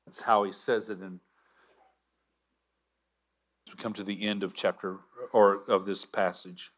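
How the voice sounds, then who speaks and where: A man preaching a sermon as pastor, earnest, with halting restarts and drops to a near whisper for emphasis. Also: fairly low pitch, flat delivery, fairly bright tone.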